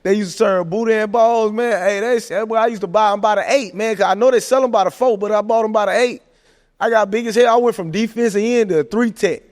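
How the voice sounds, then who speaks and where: A man talking sports casually on a podcast, animated and joking, tossing in "man" and "hey, look" constantly. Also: high voice, quick pace. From American South. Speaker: podcast host. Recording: long hall reverb.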